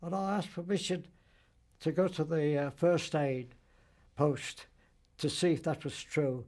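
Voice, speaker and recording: Casting: very old man, veteran interviewee, halting and fairly high-voiced. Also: a little mellow. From Birmingham, England. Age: older, about 90s. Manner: halting, repeats words, old-fashioned dialect grammar. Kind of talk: spoken recollection in interview.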